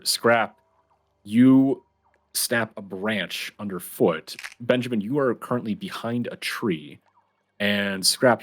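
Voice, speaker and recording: A man with a fairly low voice narrates a tabletop game as game master. He talks loosely, with many fillers and restarts, describing scenes and calling for rolls.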